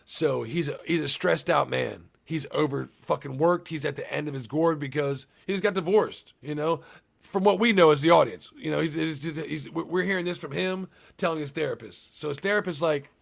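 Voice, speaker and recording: On a casual live stream, a young man recaps a movie in a fairly high voice with vocal fry, at a moderate pace. He rambles, swears a lot, and keeps talking to his chat.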